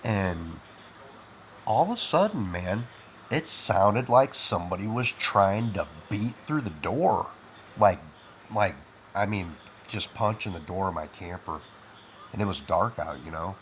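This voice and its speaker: A man's voice: low-pitched, expressive, unhurried, slight background noise. A middle-aged man, half asleep, rambling through a first-person story with lots of fillers. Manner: rambling, with many fillers like "you know" and "man".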